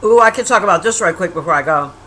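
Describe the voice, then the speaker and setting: A woman's voice: on the low side, expressive, a bit bright, poor audio. A woman on a casual livestream, rambling bluntly about a movie, swearing freely and teasing her silent chat. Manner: profane, blunt trash-talking, teasing the chat; rambling with restarts and drawn-out asides.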